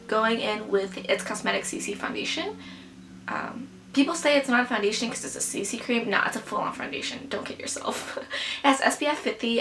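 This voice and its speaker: A young woman with a slightly high voice chats her way through a makeup routine at home. She rambles and breaks off into self-mocking asides, and clear background music plays beneath her. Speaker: beauty vlogger. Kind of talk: casual makeup tutorial chat.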